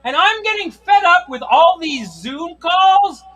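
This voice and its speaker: A man's voice: extremely high pitch, lively intonation, unhurried, fairly bright tone. A middle-aged man doing a stand-up routine, ranting in exasperation with frequent swearing. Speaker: stand-up comedian. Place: comedy stage.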